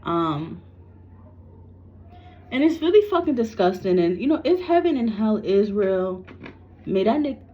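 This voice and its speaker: A woman's voice: mid-range voice, sing-song, measured pace, long pauses, lo-fi sound. A psychic medium, a woman from New York, animatedly tells a personal story to camera and swears freely.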